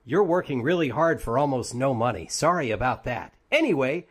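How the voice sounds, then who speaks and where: A man's voice: medium pitch, very animated, a little fast, slightly rough. A man voicing a cheerful, overly polite male robot.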